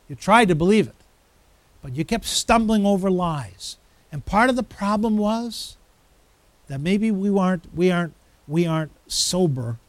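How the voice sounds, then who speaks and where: A man's voice: high-pitched, no echo. A man preaching a sermon as pastor, emphatic, building through repeated phrases.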